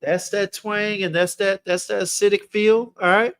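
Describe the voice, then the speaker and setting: A man with a fairly high voice for his sex, hosting a casual livestream review. He talks in a loose, slangy way straight to his viewers and thinks out loud as he goes. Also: fairly even intonation, moderate pace, clear, resonant tone. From Texas. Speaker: fragrance reviewer, livestream host.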